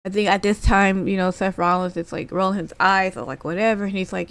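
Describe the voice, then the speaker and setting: A woman's voice: medium pitch, fairly even intonation, a little fast, hardly any pauses, clear, resonant tone, dry recording. A woman giving a casual, rambling spoken recap of a wrestling segment, full of fillers like "basically" and "like". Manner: rambling, filler-heavy retelling.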